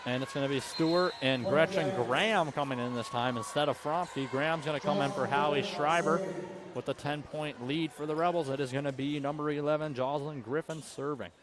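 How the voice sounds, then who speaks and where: A young man giving brisk play-by-play commentary on a high school volleyball match, sometimes correcting himself mid-sentence. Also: over a noisy crowd. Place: school gymnasium. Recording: faint gym noise behind.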